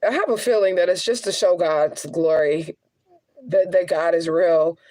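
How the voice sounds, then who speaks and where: A woman's voice: on the low side, normal speed, mellow. Candid, profane woman venting on a livestream. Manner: candid, profane, laughing often. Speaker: spiritual reader and medium.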